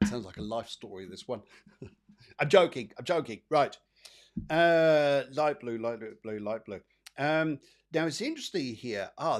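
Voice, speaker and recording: A man hosting a live psychic show, giving chatty, rambling readings and often repeating his phrases. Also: mid-range voice. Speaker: psychic medium host.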